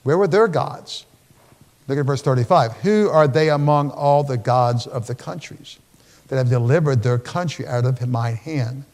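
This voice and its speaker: A man's voice: medium pitch, moderate pace, darkish tone. A man pastor giving a Bible study sermon in a church, talking in a conversational, emphatic way and often checking in with his listeners. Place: church sanctuary. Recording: long reverb of a church hall.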